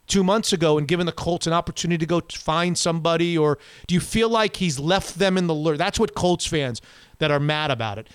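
Higher-voiced man talking sports, dry sound. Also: smooth, no room sound. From Florida. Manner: animated, quick back-and-forth, many restarts. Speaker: sports radio host. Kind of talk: casual sports talk.

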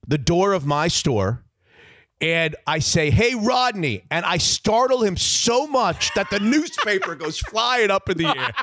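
A man in his fifties hosting a sports radio show, telling a story loudly and with lots of energy. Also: high-pitched, a little slow, no room sound. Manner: loud, animated storyteller. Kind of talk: casual chat and storytelling.

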